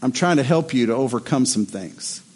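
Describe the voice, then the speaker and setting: A middle-aged man preaching a sermon as pastor, telling stories in an animated way. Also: mid-range voice, moderate pace, husky. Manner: animated storytelling, voice rising in excitement.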